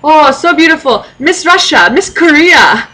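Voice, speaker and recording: A woman imitating an excitable older man who repeats compliments in broken English. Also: high voice, unhurried, pitched above the performer's own voice, exaggerated voice. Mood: gushing.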